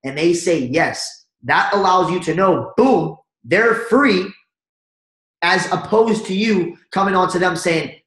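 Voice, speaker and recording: A man giving an energetic sales training talk and acting out phone calls as he coaches his audience. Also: high voice, slow, echoey room, low-quality recording. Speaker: network marketing trainer.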